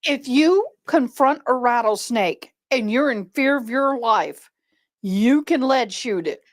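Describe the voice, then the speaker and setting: Animated storytelling woman on a video call. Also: fairly high pitch, takes it slowly. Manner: animated storyteller who acts out quoted people. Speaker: live-stream co-host. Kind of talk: casual video chat. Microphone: video call webcam.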